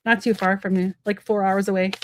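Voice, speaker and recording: A woman giving a live-stream tarot reading from home, talking fast and rambling in a chatty way with many fillers. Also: mid-range voice, flat delivery, a little hiss or hum. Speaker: psychic medium and tarot reader.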